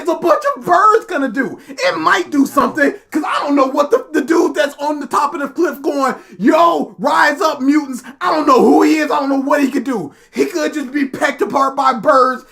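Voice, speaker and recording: A woman's voice: high voice, vocal fry, a bit bright. A woman streamer ranting in casual commentary, exasperated and sarcastic, mocking characters in put-on voices. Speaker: streamer reacting live.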